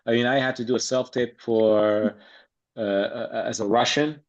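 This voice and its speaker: Man, podcast guest, blunt, streetwise, mid-pitched voice, slightly dull recording. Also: steady tone, normal speed. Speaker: podcast guest, acting coach. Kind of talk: casual interview chat.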